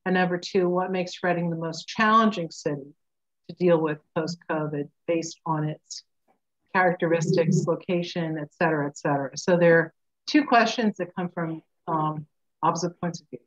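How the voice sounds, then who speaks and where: A woman on a video call asking two measured, methodical questions. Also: fairly low pitch, lo-fi sound. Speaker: meeting participant asking questions. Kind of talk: meeting discussion.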